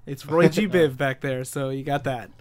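A man's voice: mid-range voice, moderate pace. A man co-hosting a casual comics podcast, chatty and eager to share nerdy side facts. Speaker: podcast co-host. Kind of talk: casual comic book discussion.

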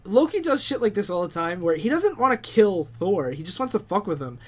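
A man co-hosting a podcast in casual chat, quick to chime in and swearing freely. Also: high voice, very animated. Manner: quick agreeing interjections, profane. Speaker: podcast co-host. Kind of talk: casual comic recap chat.

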